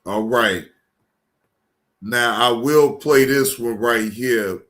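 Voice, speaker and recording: A man's voice: medium pitch, takes it slowly, long pauses, a bit bright. A man streaming a casual reaction commentary, blunt and dismissive, with stammering fillers.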